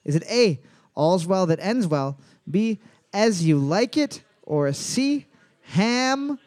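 A man's voice: sits high, animated, slow pace, a little mellow. A man hosting a bar trivia night, reading out questions and cracking crude jokes between them. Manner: joking, crude asides. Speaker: trivia host.

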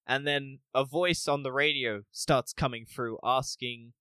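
A man co-hosting a casual podcast review, animated, acting out scenes and laughing often. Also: medium pitch, a little slow, smooth, no room sound. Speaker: podcast co-host. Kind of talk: casual spoiler review chat.

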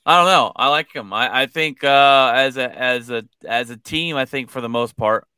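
Bright-voiced man in casual sports chat. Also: mid-range voice, smooth, no echo, clean studio sound. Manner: halting, many restarts and fillers; reads out listener comments. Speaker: co-host.

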